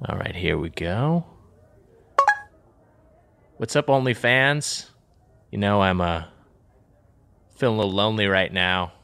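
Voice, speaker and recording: A man's voice: deep voice, fairly bright tone, exaggerated voice. An actor playing a hapless man who talks to himself while hiding from terrorists in a comedy audio play. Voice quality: bumbling, self-talking. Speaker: hero of the parody.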